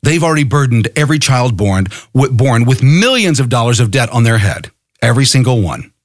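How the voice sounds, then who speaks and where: This fairly quick, medium-pitched voice with lively intonation belongs to a middle-aged American podcast host. His political monologue is fiery and profane, a rallying call to action, recorded in studio quality with no room sound.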